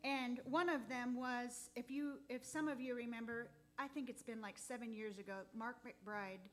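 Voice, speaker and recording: A woman giving a heartfelt, halting testimony in church, close to tears at times. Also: fairly high pitch, fairly even intonation. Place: church sanctuary.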